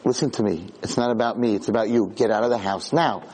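A man's voice: steady tone, a little mellow, breathy edge, poor audio. A man voicing a grave, mysterious rabbi. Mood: grave warning. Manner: slow, low, grave warnings. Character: stern, mysterious old rabbi giving urgent warnings.

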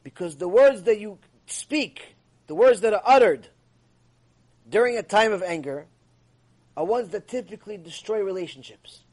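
A man giving an animated, emphatic ethics lecture as a Torah teacher. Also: high-pitched.

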